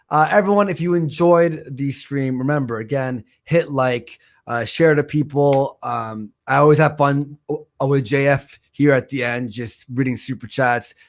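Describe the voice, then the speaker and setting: A man hosting a live stream, casually reading out viewer donations, joking and stumbling over names. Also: on the high side. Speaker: stream host.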